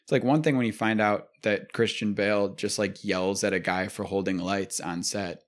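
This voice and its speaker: A man's voice: lowish voice, steady tone, moderate pace. A young man hosting a podcast, chatting casually and rambling with many fillers and curse words. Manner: rambling, profane, frequent fillers. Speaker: podcast host. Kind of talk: casual chat.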